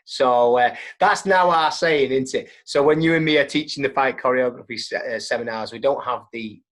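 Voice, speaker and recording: A man's voice: mid-range voice, normal speed, a bit bright. Hesitant male podcast host. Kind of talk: casual interview chat.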